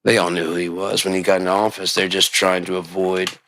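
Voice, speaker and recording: A man with a low, gravelly voice and a bright, forceful edge rants on in a rambling monologue. He swears constantly and jumps without warning into loud, heated outbursts. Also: flat delivery, a little fast. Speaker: show host.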